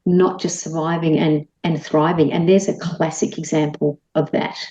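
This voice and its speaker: An Australian woman, a guest on a talk show, tells a personal story in a lively way and acts out her own lines. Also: sits low, moderate pace. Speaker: guest, animal communicator. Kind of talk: storytelling in casual chat. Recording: echoey room, dull lo-fi sound.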